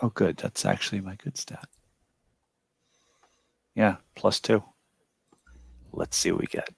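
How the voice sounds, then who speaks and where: A man's voice: lowish voice, fairly even intonation, a little slow, vocal fry, husky, no room sound. A man playing a character in a tabletop game, talking in a wry, playful way. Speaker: player.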